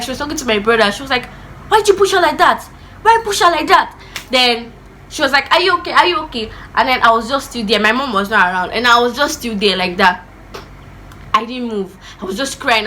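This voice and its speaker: Animated woman telling a story. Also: on the high side, slight background noise. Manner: animated storyteller, acts out the voices of people in the story. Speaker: vlogger. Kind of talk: casual storytime vlog.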